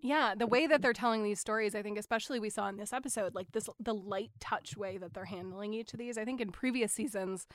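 A woman's voice: mid-range voice, quick pace, hardly any pauses, dry recording, studio quality. A woman co-hosting a casual TV recap podcast, talking frankly, swearing casually and laughing often. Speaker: podcast co-host.

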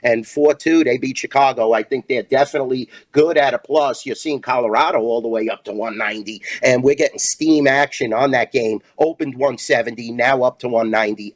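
A man's voice: mid-range voice, no room sound. A man with a New York accent, a guest giving casual sports betting picks with many fillers. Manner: fast, plain-spoken, with fillers.

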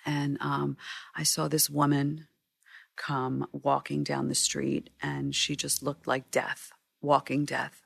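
A woman photographer telling stories in an interview, animated and acting out what people said, with frequent restarts. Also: a bass voice, slow pace, gravelly, slightly rough, no echo, studio quality. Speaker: news photographer. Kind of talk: storytelling in a sit-down interview.

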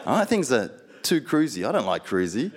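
A man's voice: mid-range voice, very animated, fairly quick. A man preaching a sermon, telling personal stories with playful asides and building to fervent exhortation.

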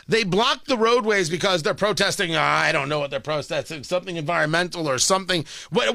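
A man's voice: sits high, sharp tone, dry recording. A man hosting a talk radio show, delivering an emphatic, sarcastic monologue that hammers points through repetition, from a studio microphone. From Indianapolis. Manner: emphatic, sarcastic, repeats phrases for punch.

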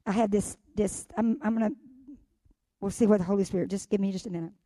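An older woman delivering a sermon as guest preacher, with fervent, repetitive exhortation that swings from hushed to loud. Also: mid-range voice, steady tone, quick pace, no echo, clean studio sound.

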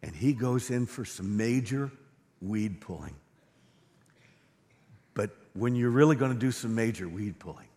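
A middle-aged male pastor preaching a sermon, swinging from quiet, low lines to loud, fervent ones. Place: church sanctuary. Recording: long reverb of a large hall.

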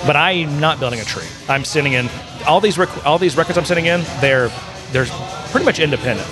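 A man's voice: a little high, brisk, music in the background. A man co-hosting a casual technical chat, rambling and self-correcting as he explains integration work with enthusiasm. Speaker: podcast co-host, software integration developer.

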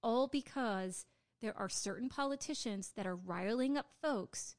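Woman, podcast co-host, casual chat, enthusiastic, repetitive, slightly high pitch. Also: a little slow, a little mellow. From Florida. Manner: enthusiastic, repeats words for emphasis.

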